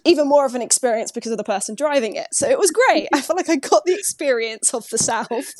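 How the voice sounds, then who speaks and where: A woman's voice: high voice, animated, fast talker, darkish tone, dry recording. Brief: English woman, podcast co-host, chatty storyteller with an English accent, dry studio sound. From England. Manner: chatty storyteller, laughs often. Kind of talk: casual chat.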